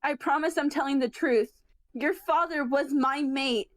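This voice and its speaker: A woman voicing a fierce, grieving mother cat in a roleplay, firm and steady. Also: high voice, a little slow, no echo. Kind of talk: voice-acted roleplay.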